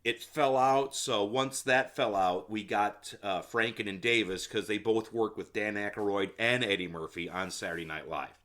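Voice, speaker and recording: A man with a fairly low, fairly bright voice hosts a solo comedy podcast, speaking at normal speed with few pauses. He recaps a film in a rambling way, full of filler words and asides, giving blunt opinions directly to the listener.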